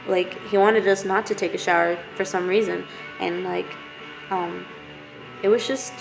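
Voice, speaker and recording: A woman with a gravelly, fry-edged voice recounts a painful personal story, halting and candid, full of fillers and restarts. Her pitch stays fairly flat and level, and music plays steadily underneath. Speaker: vlogger. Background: music playing.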